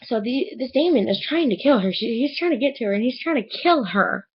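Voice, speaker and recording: A woman's voice: fairly high pitch, expressive, brisk, slightly rough, muffled recording. A young woman in a casual book review vlog, chattily retelling a plot with lots of "like". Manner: gushing, chatty retelling with many "like"s.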